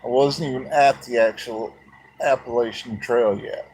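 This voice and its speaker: Man telling his own story in a folksy, plain-spoken way, unhurried, with a husky voice. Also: mid-range voice, darkish tone, poor audio.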